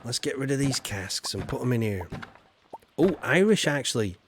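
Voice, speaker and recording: A man's voice: medium pitch, big pitch swings, normal speed, a little hiss or hum. A man with a Yorkshire accent chatting casually as he streams a game, reading chat aloud and joking at his own expense. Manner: chatty, self-deprecating, reads chat aloud. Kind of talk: casual livestream commentary.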